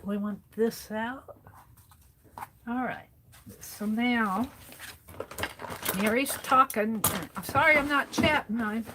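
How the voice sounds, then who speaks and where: Slow-talking woman chatting while she crafts. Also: on the high side, background noise. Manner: chatty, talking to herself while tidying and sewing. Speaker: craft streamer. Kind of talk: casual craft livestream chat.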